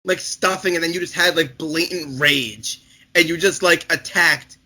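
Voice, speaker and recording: A young man co-hosting a casual chat show, talking in halting, rambling bursts full of restarts and fillers. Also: fairly high pitch, pushed and bright. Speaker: podcast co-host.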